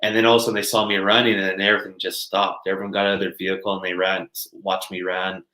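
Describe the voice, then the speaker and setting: A man's voice: low voice, flat delivery, quick pace, bright, forceful tone. A man, a podcast guest telling stories casually, laughing often and using many fillers. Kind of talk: casual storytelling. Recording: roomy echo.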